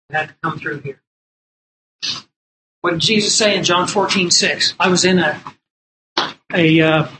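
A man's voice: high voice, fairly bright tone, slight background noise, rough recording. A man preaching a sermon from printed notes, earnest and emphatic, repeating key lines and telling stories.

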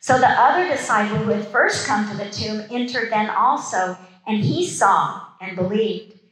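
A woman's voice: mid-range voice, moderate pace, fairly bright tone. A woman giving a Bible study sermon, reading scripture aloud and breaking off to comment in casual, chatty asides. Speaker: Bible teacher. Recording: roomy echo.

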